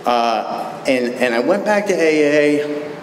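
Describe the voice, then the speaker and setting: A man's voice: on the high side, animated, slow. A man sharing his personal recovery story with a live group at a meeting, candid and self-deprecating, with wry jokes. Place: meeting hall. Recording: echoey hall recording with faint room noise.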